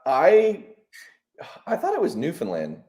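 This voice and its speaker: A man in his thirties from the United States, a musician guest, talking in a relaxed, reflective way and laughing easily. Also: a little high, unhurried. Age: 30s. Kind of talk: casual chat.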